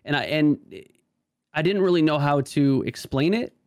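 A man's voice: a little high, moderate pace, a little mellow, no room sound, studio quality. A man talking casually as a podcast guest, stammering and restarting often, with many "like" fillers. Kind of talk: casual conversation.

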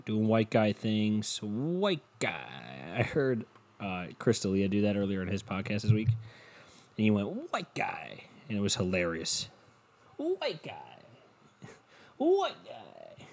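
A young man hosting a solo podcast into a cheap desk mic at home, rambling in a crude, self-mocking way with lots of swearing. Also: on the low side. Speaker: podcast host. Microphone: cheap desk mic, headphones.

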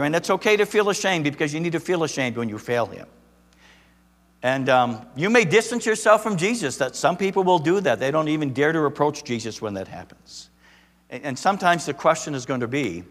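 A man preaching a sermon as a pastor, animated, with emphatic rising peaks and frequent restarts. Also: on the high side, a little fast. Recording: long reverb of a large hall.

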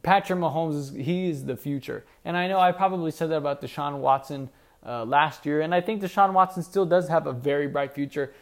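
Gravelly-voiced man ranting on a podcast. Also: a little high, fairly quick. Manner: rambling, mock-indignant, many fillers and restarts. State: out of breath. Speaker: podcast host. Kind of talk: solo sports podcast monologue.

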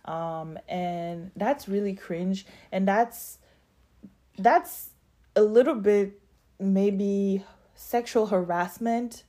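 A woman's voice: medium pitch, extremely slow, dark tone. A young woman hosting a podcast, telling a story in casual chat and acting out the quotes with big jumps in her voice. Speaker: podcast host.

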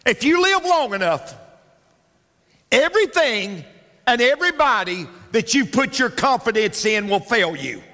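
A man's voice: very high-pitched, big pitch swings, measured pace, sharp tone, a little hiss or hum. A male pastor preaching a sermon emphatically, repeating key lines for effect, in a large church. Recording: reverberant church hall.

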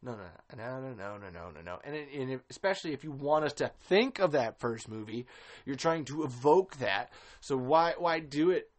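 A man's voice: medium pitch, lively intonation, normal speed. A man hosting a casual film commentary podcast, ranting with exasperation and swearing freely. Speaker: podcast host.

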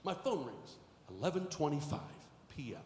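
A middle-aged male pastor preaching a sermon, moving from quiet storytelling to shouted exhortation. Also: on the high side, very animated, normal speed. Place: church sanctuary. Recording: echoey hall with faint noise.

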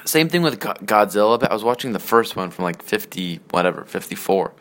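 A man talks loosely about films, in a rambling and profane way. He grows excitable, and at times drops to a hushed mutter. His voice sits a little low. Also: a little fast. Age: adult. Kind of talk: casual movie rant.

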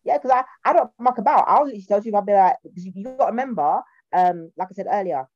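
A young woman with a South London accent, a comedian chatting in an interview, animated and laughing often. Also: mid-range voice, fast talker, highs cut off. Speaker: guest, comedian. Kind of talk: casual interview chat.

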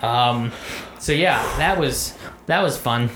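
A man chatting on a podcast, telling a story in a loose, rambling way and swearing freely. His voice sits at a middling pitch, and the room sounds echoey. Faint noise hums underneath. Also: takes it slowly. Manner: profane, rambling storyteller with many fillers. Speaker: podcast co-host. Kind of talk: casual storytelling chat.

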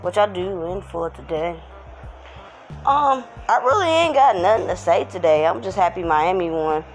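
A Texas woman hosts her own podcast from home, chatting casually in the morning with hype, slang and sing-song chants. Her voice is fairly low and animated, at a moderate pace, with soft music in the background.

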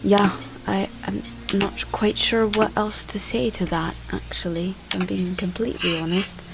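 A woman's voice: medium pitch, flat delivery, unhurried, gravelly, loud music behind the voice. A woman narrating a tabletop game as game master, chatty and hesitant, with many fillers.

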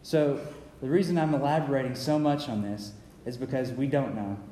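A man preaches a sermon in an earnest, repetitive manner, tripping over words and restarting his sentences. His voice sits at an ordinary middle pitch. It rings with the long reverb of a hall, with faint ambience in the background. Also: moderate pace, dark tone, slight background noise.

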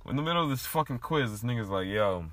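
A young man chatting casually, telling a profane, animated story with big bursts of laughter. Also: medium pitch, fast talker, a little hiss or hum. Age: young adult.

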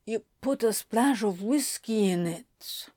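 A woman voicing an excitable, tearful male demon who whines and pleads, in a storybook reading. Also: a little high, unhurried, no room sound, studio quality. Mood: whiny. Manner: whiny, emotional, pleading. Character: excitable weepy male demon, ginger-haired. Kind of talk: audiobook reading of fan fiction.

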